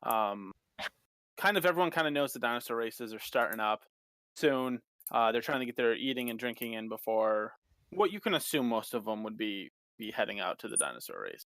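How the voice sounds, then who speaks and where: A man running a tabletop game as game master, narrating casually and haltingly. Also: mid-range voice, sing-song, fairly bright tone, no room sound. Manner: casual, halting, many fillers.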